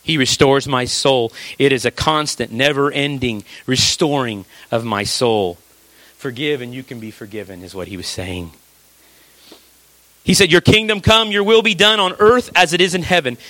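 Bright-voiced man preaching a sermon. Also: normal speed, no room sound. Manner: conversational preaching, restarts, rhetorical questions, drops low for emphasis. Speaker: pastor.

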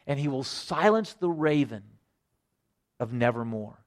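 A middle-aged man preaching a sermon, earnest, repeating phrases and moving between loud emphasis and hushed quiet. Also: fairly high pitch, expressive, a little slow. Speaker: pastor.

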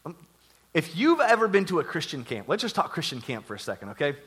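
A young adult man preaching a casual, jokey sermon, acting out quotes with lively energy. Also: a little high, fast, slightly rough. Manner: animated, jokey, acts out quotes. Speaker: pastor.

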